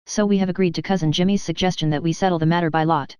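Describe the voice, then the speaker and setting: Stern proud aunt read by a woman, curt and commanding, smooth low voice. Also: steady tone, rapid-fire, darkish tone, dry recording, natural voice. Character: stern, cold, proud middle-aged aunt.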